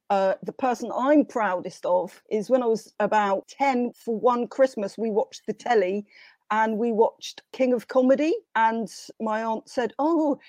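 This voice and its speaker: A woman's voice: on the high side, darkish tone, dry recording. A woman with a slight London accent, a guest telling self-deprecating family stories in casual chat. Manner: anecdotal, self-deprecating, quotes relatives in put-on voices.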